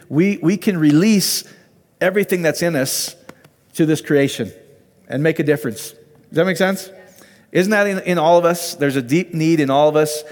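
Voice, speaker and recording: A man's voice: fairly high pitch, in a large hall. A man giving an informal, conversational sermon and Bible teaching, often asking his listeners questions.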